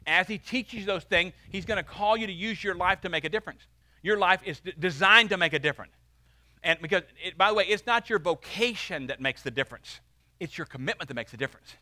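A male pastor preaching a sermon with emphasis, drawing out the key lines slowly. His voice is bright and forceful, pitched a little high. The sound is close and dry. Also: no echo.

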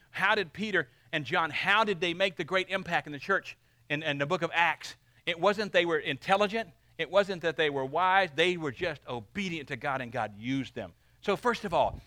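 A male pastor preaching a sermon with emphasis, drawing out the key lines slowly. His voice is bright and forceful, pitched a little high. The sound is close and dry. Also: dry recording.

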